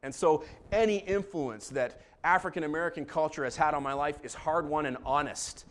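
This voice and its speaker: A man preaching a sermon as pastor, joking and animated, moving between calm asides and loud bursts. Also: a little high.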